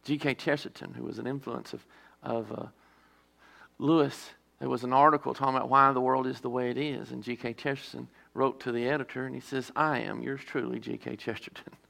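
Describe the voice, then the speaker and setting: Gravelly-voiced man preaching a sermon. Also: mid-range voice, flat delivery, a little fast, bright, forceful tone. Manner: emphatic, asks the listeners rhetorical questions. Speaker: pastor.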